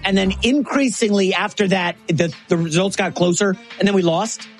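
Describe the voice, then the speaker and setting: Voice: medium pitch, soft background music. A co-host on a sports talk show, chatting casually and animatedly and setting up segments. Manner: chatty, animated, quick to laugh.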